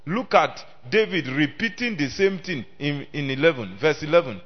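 Male preacher, fairly high voice, declaims loudly and then drops low, draws call-and-response from the congregation, muffled lo-fi recording. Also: expressive, normal speed. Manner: emphatic, swings between loud declaiming and low talk. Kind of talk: sermon. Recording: dull lo-fi sermon recording.

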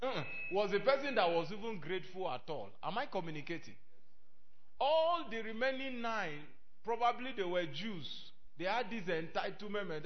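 A man preaching a sermon, reading old-scripture and rising to shouts. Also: high-pitched, sing-song, normal speed. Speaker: pastor. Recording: dull lo-fi recording.

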